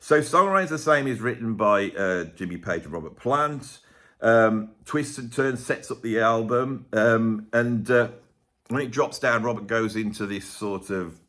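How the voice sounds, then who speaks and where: A man's voice: mid-range voice, lively intonation, normal speed, a bit bright. A man giving a casual track-by-track music analysis, rambling and enthusiastic, with many restarts. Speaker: music commentator.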